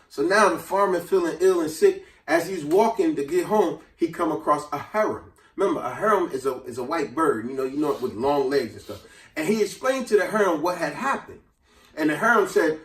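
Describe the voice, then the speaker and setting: Animated storytelling man, echoey room. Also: on the high side, a little fast. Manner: animated storyteller acting out characters' voices. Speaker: host. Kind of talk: casual storytelling and advice. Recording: echoey room, mic at a distance.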